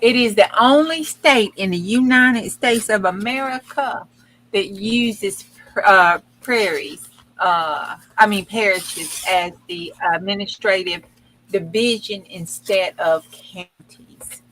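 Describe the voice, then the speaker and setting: A woman's voice: medium pitch, slow pace, a bit bright, low-quality recording. A woman in casual livestream chat, reading fun facts in a folksy, chatty way and stumbling over words. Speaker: co-host.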